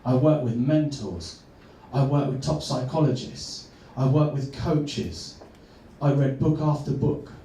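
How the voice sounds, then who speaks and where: A man, a coach, telling a personal story earnestly and slowing down for emphasis. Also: mid-range voice, dark tone, slight background noise. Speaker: transformational coach. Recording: echoey room, far from mic.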